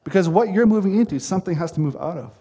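A man's voice: high-pitched, expressive, fast talker, warm tone, breathy edge. A man preaching a sermon as pastor, earnest and emphatic, with repeated phrases.

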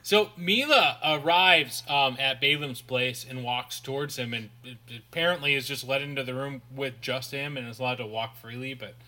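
Man, podcast co-host, very bright voice, loose rambling movie-recap delivery. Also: medium pitch, moderate pace, few pauses. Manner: rambling recap with fillers and asides. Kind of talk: casual chat.

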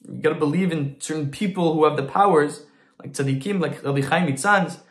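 A man's voice: fairly high pitch, brisk, roomy sound. A man teaching a Torah lesson through an informal story, with frequent restarts and Hebrew terms.

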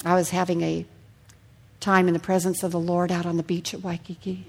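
A woman's voice: fairly low pitch, monotone, a little fast, background noise. A middle-aged woman preaching a sermon, telling a personal testimony and putting questions to the congregation.

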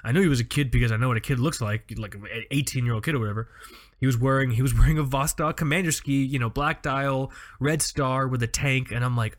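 A man co-hosting a casual podcast, telling animated stories with plenty of swearing and feeling wired from coffee. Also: mid-range voice, quick pace. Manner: animated, profane storytelling. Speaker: podcast co-host. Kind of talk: casual chat.

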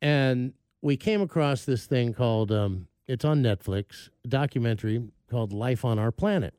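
A man's voice: mid-range voice, moderate pace, darkish tone, clear, resonant tone, no room sound, studio quality. A middle-aged man hosting a show, telling a rambling, self-mocking story in casual chat. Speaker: show host.

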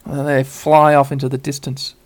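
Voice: medium pitch, level tone, brisk. A podcast narrator retelling a game's cutscenes as a bedtime story, rambling with playful asides.

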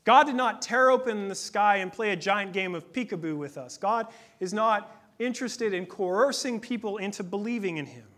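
A man in his thirties preaching a sermon in a conversational, earnest way, dropping to a hush at times. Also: high-pitched. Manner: conversational, earnest, with dramatic pauses and hushed moments. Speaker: pastor.

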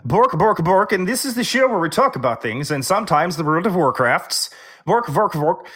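A silly sing-song voice in an exaggerated fake Swedish accent, chanting, as a man puts it on. It rides high and swoops up and down with lots of pitch movement. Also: big pitch swings, moderate pace, pushed and bright, husky, exaggerated voice. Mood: goofy.

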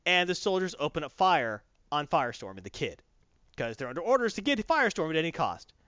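A man casually recapping a comic story to a friend, rambling and animated, with many restarts. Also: fairly high pitch, fairly quick, clean tone, no room sound, dull audio. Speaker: comic book discussion cohost. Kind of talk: casual recap with acted quotes.

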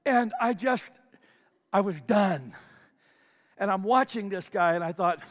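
Man, pastor, sermon, animated storytelling, high voice, long hall reverb. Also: a little slow, long pauses. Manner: animated storytelling, acts out quotes. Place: church sanctuary.

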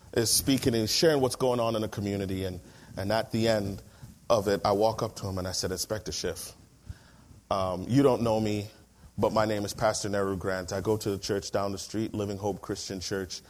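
A man's voice: lowish voice, a little hiss or hum. A man, a pastor, telling a story from the pulpit and acting out the dialogue of the people in it. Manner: animated storyteller, acts out dialogue. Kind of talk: storytelling sermon.

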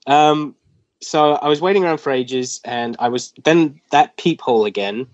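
A man's voice: medium pitch, moderate pace, no echo. Young man telling a rambling story. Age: 20s. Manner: rambling, animated retelling with filler words. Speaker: guest, comic artist. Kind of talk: casual storytelling interview. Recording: dull lo-fi dry recording.

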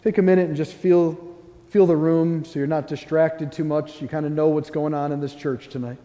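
A man preaching as a priest in a church, earnest and gentle, telling a story and then guiding the listeners in prayer with soft pauses. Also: a little high, steady tone, long reverb tail, dull audio. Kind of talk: sermon with guided prayer.

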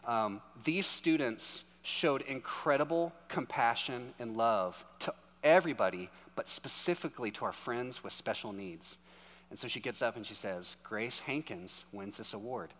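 A man's voice: medium pitch, expressive, moderate pace, fairly bright tone. A man in his thirties preaching a sermon in a chatty storytelling way, often checking in with "right?". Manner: conversational storytelling, keeps asking "right?". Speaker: pastor. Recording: long hall reverb.

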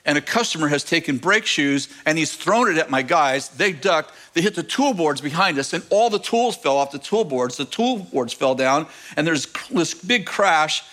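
High, bright-voiced man preaching. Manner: animated storytelling, rising to emphatic near-shouting; acts out quoted voices and addresses the congregation directly. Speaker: pastor. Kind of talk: sermon.

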